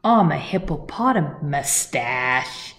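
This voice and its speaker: A woman's voice: sits low, expressive, slow pace, a bit bright, roomy sound, heavily acted. A woman doing a boastful chatty little bird.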